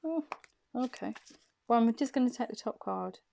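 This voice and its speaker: A woman's voice: a little high, lively intonation, normal speed, gravelly, mellow, a little hiss or hum. A woman doing an intuitive tarot reading to camera, chatty and reassuring, who repeats phrases for emphasis. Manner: soothing, reassuring encouragement. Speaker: tarot card reader.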